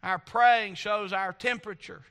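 High bright-voiced preaching man. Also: steady tone, measured pace, smooth. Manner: preaching with rising emphatic swells and repeated refrains. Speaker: pastor. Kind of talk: sermon. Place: church auditorium.

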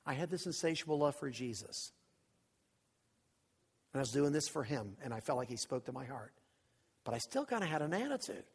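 A man preaching a storytelling sermon, animated and dramatic, swinging from hushed asides to shouts. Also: medium pitch, fairly quick, pauses often, breathy edge. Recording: long reverb of a large hall.

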